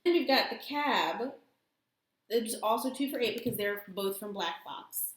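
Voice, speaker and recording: A woman with a lively, animated voice that swings up and down as she jokes through a wine tasting. She rambles loosely while she explains things. She is recorded in an echoey room. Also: on the high side, a little slow. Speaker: co-host. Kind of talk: casual wine review chat.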